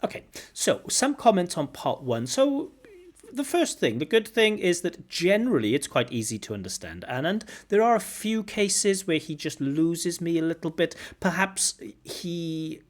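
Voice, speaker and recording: A man's voice: a little high, big pitch swings, measured pace. A man working as a language examiner, explaining feedback on a speaking test and modelling better answers. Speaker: IELTS examiner and teacher. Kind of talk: spoken test feedback commentary. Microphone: video call.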